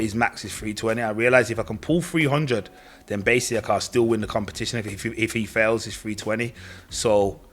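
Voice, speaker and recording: A man's voice: lowish voice, a bit bright. A young man telling his own story in casual, slangy speech, acting out what others said to him. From Britain. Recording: faint music behind voice.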